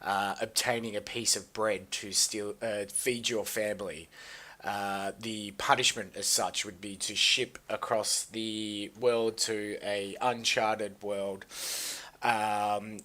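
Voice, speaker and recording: A man's voice: fairly low pitch, level tone, slow, bright, forceful tone. A man with an Australian accent hosting a casual live stream, joking crudely and playing the showman. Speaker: stream host.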